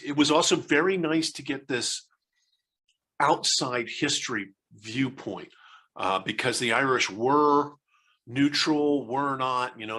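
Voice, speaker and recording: Bright-voiced American man in his 60s. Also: medium pitch. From United States. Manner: rambling, hesitant storyteller with many fillers and restarts. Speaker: interview guest, author. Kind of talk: casual interview conversation.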